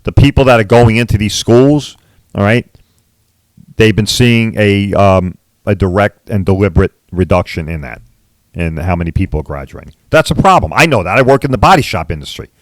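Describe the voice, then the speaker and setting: A man's voice: fairly low pitch, fairly quick, no echo. A middle-aged man, a body shop owner hosting a podcast, talking bluntly and repeating "all right" and "right?" as he rants. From Long Island, New York. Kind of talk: casual podcast rant.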